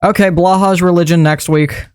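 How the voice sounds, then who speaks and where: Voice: mid-range voice, steady tone, moderate pace, a little hiss or hum. A streamer giving casual gameplay commentary, rambling to themself and chuckling at their own mistakes while building. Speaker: streamer building a game base.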